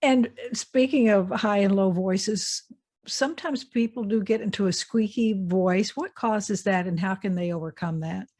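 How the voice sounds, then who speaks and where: A woman's voice: mid-range voice, unhurried, a little mellow. Woman host asking curious questions. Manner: curious, conversational. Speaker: interview host. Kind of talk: interview questions.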